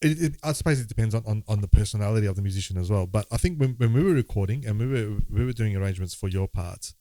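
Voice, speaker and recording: Low, mellow-voiced man musing on music. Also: no echo. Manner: halting, many restarts, thoughtful. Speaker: podcast co-host, guitarist. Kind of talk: casual conversation about music.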